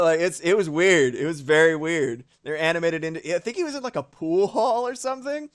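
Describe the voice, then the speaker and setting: A man's voice: fairly high pitch, fairly quick, few pauses, smooth. A man in his thirties streaming live while animating, chatting loosely with his viewers and cursing now and then. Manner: relaxed, chatty, reads chat aloud, swears casually. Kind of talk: casual live-stream chat.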